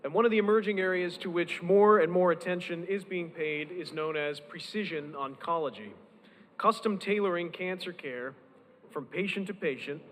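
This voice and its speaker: Male emcee, formal announcing tone, slightly high voice, long hall echo, faint room ambience. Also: a bit bright, a little hiss or hum. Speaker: event emcee. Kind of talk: formal scripted introduction. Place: large conference hall.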